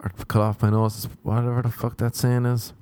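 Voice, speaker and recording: A man's voice: medium pitch, little pitch movement, brisk, dark tone, clear, resonant tone. Profane, rambling male podcast host. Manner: profane, rambling, self-mocking rants. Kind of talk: casual solo monologue. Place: Los Angeles.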